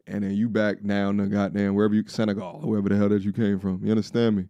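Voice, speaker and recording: A young man in casual podcast chat, playful and animated, slipping into high excited rants. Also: quick pace, smooth, no echo, dull audio. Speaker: podcast co-host.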